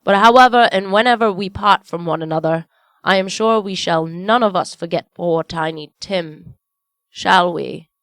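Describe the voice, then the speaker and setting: Woman voicing Bob, a gentle loving father. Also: on the low side, normal speed, no echo, studio quality. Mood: earnest. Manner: earnest, tender, emphatic. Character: kindly humble father, gentle and warm-hearted.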